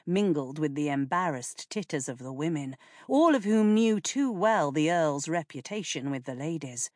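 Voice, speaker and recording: A woman narrating an audiobook in an expressive, deliberate manner. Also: low-pitched, dry recording, studio quality. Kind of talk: audiobook reading.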